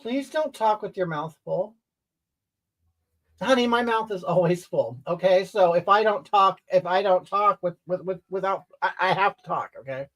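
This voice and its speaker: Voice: medium pitch, moderate pace, a bit bright, lightly acted. A performer voicing a crude, entitled, brash woman, scolding and indignant, rambling at chat in an improvised comedy stream. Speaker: comedy livestreamer reading comments in character.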